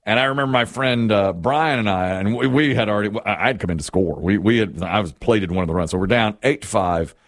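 A man hosting a casual sports talk show, telling stories in an animated way and laughing as he goes. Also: fairly low pitch, brisk, few pauses, no echo, studio quality. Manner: animated storyteller, laughs, mimics others.

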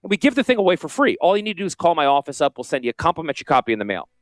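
A man with a Northern US Yankee accent, a financial advisor hosting a casual promotional podcast with salesy, jokey asides and a high-pitched voice. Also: big pitch swings, rapid-fire, no room sound. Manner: self-described high-pitched voice. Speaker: financial advisor and radio host.

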